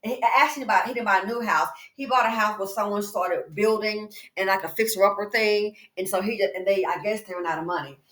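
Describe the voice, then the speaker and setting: A woman's voice: mid-range voice, quick pace, few pauses. A woman hosting a commentary channel, talking in an emphatic, chatty way and calling the listener "girl" and "baby". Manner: animated and emphatic, addresses viewer as "girl" and "baby". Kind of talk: casual commentary. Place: indoors, exercising while recording. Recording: echoey room.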